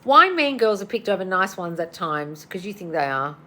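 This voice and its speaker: A woman's voice: fairly low pitch, sing-song, normal speed, sharp tone. A tired woman coach answering listener questions in a casual livestream, blunt and swearing, calling everyone darling. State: tired and yawning. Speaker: manifestation coach.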